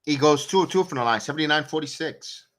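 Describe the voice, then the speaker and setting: Brisk and a bit bright, this man's high-leaning voice carries a live fan watch-along. He gives play-by-play one play at a time and keeps breaking into sarcastic asides and coach-directed rants.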